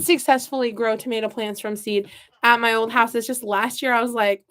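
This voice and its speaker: A woman's voice: on the high side, brisk, fairly bright tone, slight background noise. A young woman from the American Midwest with a Midwestern accent, chatting and rambling as she repots seedlings for her gardening vlog. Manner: chatty, rambling, self-mocking. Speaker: gardening vlogger. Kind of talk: casual chat while working.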